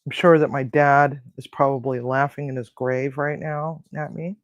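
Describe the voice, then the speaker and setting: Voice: mid-range voice, steady tone, normal speed, no echo. A host chatting casually on a live cooking stream, talking to viewers and grumbling to themself while cooking in a home kitchen.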